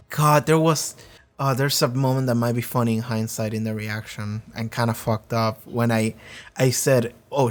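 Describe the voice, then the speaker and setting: A man hosting a reaction video, talking through an episode in a rambling, low-energy way with many fillers. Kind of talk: casual spoken review.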